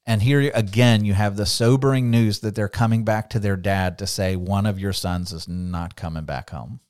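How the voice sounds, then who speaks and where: A middle-aged man co-hosting a casual Bible study podcast, animated and laughing often as he acts out the voices of the people in the story. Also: fairly low pitch, normal speed. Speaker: podcast co-host.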